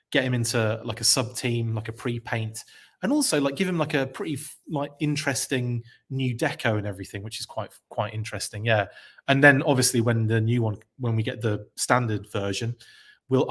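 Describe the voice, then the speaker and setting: Male podcast host, mid-pitched, enthusiastic live-stream rambler who corrects himself mid-sentence. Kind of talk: casual live-stream chat.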